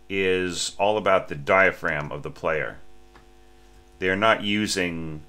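A man with a very low voice and a bright, forceful edge critiques an orchestration score in a halting way full of restarts and "right?" checks. He sometimes sings or breathes out the phrasing, and he sounds a little sleepy. A faint mains hum runs under the recording. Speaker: orchestration teacher.

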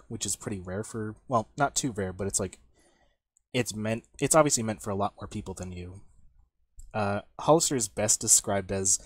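A man's voice: fairly low pitch, no echo. Rambling man running a tabletop game. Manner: rambling, many fillers and restarts. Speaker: game master.

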